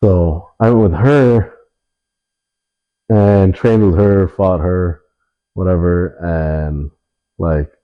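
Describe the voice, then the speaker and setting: A young man telling stories in a relaxed interview, swearing often and leaning on fillers. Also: deep voice, slow pace, long pauses, muffled recording. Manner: laid-back, swears a lot, many fillers. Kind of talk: casual storytelling in an interview.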